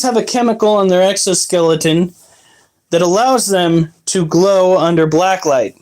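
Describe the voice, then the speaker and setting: Young guy streaming about his pets, talks on and on, a bit high voice. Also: normal speed, a little mellow. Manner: rambling, chatty, explains pet care. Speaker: exotic pet streamer. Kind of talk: casual live-stream chat.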